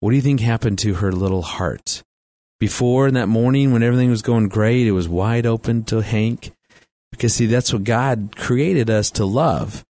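A man's voice: mid-range voice, moderate pace, darkish tone, no room sound. A middle-aged man speaking on marriage and family, telling stories with a chatty manner, laughing often and restarting sentences. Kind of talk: storytelling talk with faith references.

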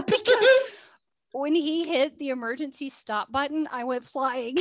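High-voiced woman telling a story. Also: a little slow, no room sound, muffled recording. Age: 40s. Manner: animated, laughs through her story. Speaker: podcast co-host. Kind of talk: casual storytelling chat.

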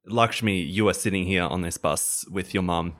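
A man's voice: low voice, normal speed, a bit bright. A man with an Australian accent narrating a tabletop game as game master, casual and full of fillers. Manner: casual, filler-heavy storytelling.

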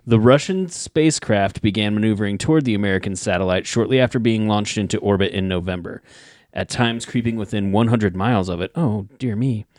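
A man's voice: fairly low pitch, fairly quick, a little mellow. A man co-hosting a podcast, loosely paraphrasing a news article in casual, profane chat. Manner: loose, swears casually while summarizing. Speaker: podcast co-host.

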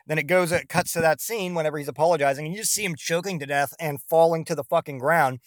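A man's voice: fairly high pitch, quick pace, no room sound, clean studio sound. A man hosting a podcast, rambling through a casual monologue and swearing freely as he retells scenes. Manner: profane, rambling, animated retelling. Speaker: podcast host.

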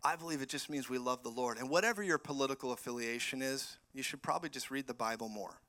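Bright-voiced man preaching a lively sermon. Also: medium pitch, fast talker. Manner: animated, jumping between shouting and quiet. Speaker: guest preacher. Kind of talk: sermon with prophetic words. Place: church sanctuary.

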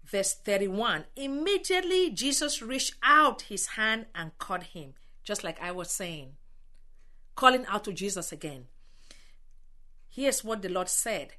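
A woman's voice: medium pitch, very animated, measured pace, pushed and bright. A woman preaching a sermon to her listeners, impassioned and exhorting, stretching out key words for emphasis.

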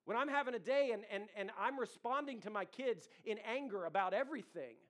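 A man's voice: sits high, animated, a little fast, fairly bright tone. A pastor in his thirties preaching a sermon in a conversational way, with asides to the congregation. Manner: conversational preaching with audience asides and acted quotes.

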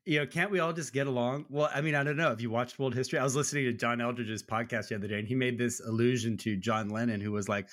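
A man's voice: mid-range voice, fairly even intonation, fast, hardly any pauses, fairly bright tone. Earnest man talking faith. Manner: earnest, conversational, often adds "right?". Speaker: podcast co-host. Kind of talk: casual faith discussion.

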